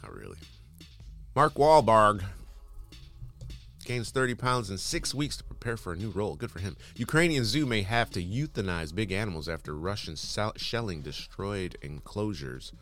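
A man's voice: lowish voice, animated, normal speed, fairly bright tone, soft background music. A man hosting casual news commentary, reading headlines aloud and adding sarcastic, dismissive asides.

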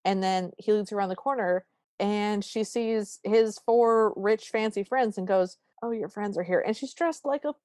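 A woman's voice: mid-range voice, moderate pace, clear, resonant tone, no echo. A woman co-hosting a podcast, recapping a film in casual chat and acting out the characters' lines. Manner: animated storytelling, acts out quoted lines. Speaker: podcast co-host.

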